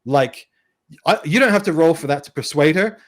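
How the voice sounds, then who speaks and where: Guy with a bit of a high voice telling game table stories, lively, swears a lot. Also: normal speed. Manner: animated storytelling, swears freely. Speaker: guest game designer. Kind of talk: casual chat.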